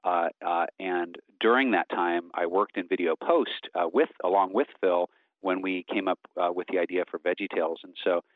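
A man in his forties speaking as an interview guest, earnest and halting with many fillers. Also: sits low, steady tone, no echo, narrow, tinny audio. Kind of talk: casual interview talk.

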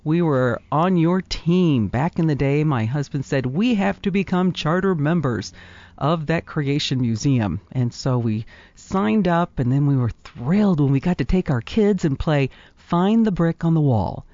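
A woman's voice: sits low, lively intonation, a little slow, warm tone, no room sound, highs cut off. A woman hosting an interview show, chatty and enthusiastic as she introduces her guest. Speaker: host.

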